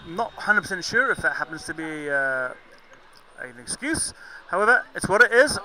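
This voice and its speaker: A man from Zambia with a mixed southern African and English accent commentates live cricket in a chatty, joking way. His voice sits high and rings very bright. He fixes his own slips as he goes. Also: very animated, normal speed, low-quality recording. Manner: chatty, jokey, self-correcting.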